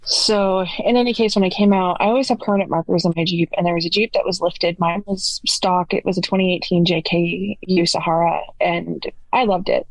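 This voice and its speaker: A woman's voice: lowish voice, steady tone, a little fast, few pauses, no echo, rough recording. A woman in her forties from Canada, a podcast guest earnestly recounting her story in detail. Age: 40s. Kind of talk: storytelling interview answers.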